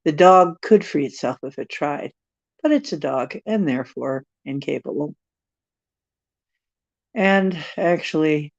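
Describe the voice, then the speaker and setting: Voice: mid-range voice, creaky, a little mellow. An older tarot reader on a livestream, reading card texts with rambling, joking asides. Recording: dry, dull lo-fi stream audio.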